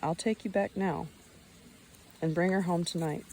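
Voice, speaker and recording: A woman's voice: fairly low pitch, fairly even intonation, normal speed, a little mellow, a little hiss or hum, lightly acted. A woman reading the lines of a friendly, generous man who drives a car, in an audiobook. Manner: hospitable, generous.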